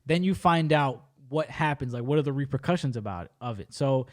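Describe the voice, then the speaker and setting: A man's voice: medium pitch, expressive, brisk. A man co-hosting a podcast, retelling a story in casual, slangy, profane talk. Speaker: podcast co-host.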